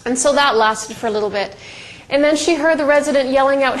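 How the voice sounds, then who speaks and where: This presenter, a middle-aged woman, talks quickly in a high-sitting voice, her storytelling lecture peppered with ums and restarts. The audio is poor.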